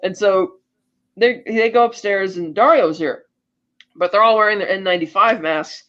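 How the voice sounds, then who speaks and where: A man co-hosting a podcast, retelling a movie plot in a casual, animated way and jumping into quick voices for the characters. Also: high-pitched, muffled recording. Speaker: podcast co-host. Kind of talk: casual film recap.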